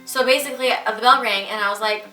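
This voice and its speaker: A woman's voice: a little high, bright, forceful tone, roomy sound, recorded from a distance, soft background music. A teenage girl telling a story to the camera in casual vlog chat, chatty and full of filler words. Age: teens. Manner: chatty, quick, lots of filler. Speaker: vlogger.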